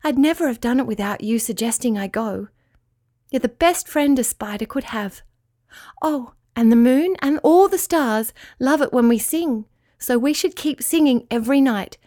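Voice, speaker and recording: A woman voicing a tiny, cheerful female spider in a storybook, bright and eager. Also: sits high, animated, moderate pace, voice pushed up.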